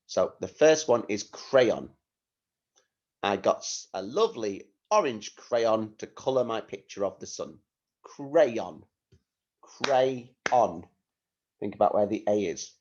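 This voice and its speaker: A male primary teacher leads a recorded phonics lesson at a slow, patient pace, his fairly low voice swinging up and down in a lively sing-song. The sound is a little dull and lo-fi. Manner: patient, sing-song, spells words letter by letter.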